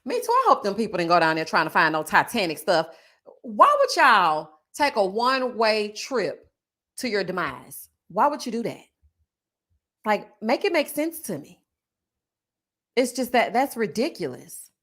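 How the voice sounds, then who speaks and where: A woman hosting a casual reality TV recap livestream. She talks straight to her viewers, reads their chat aloud, and bursts into loud laughs. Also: mid-range voice, very animated, moderate pace.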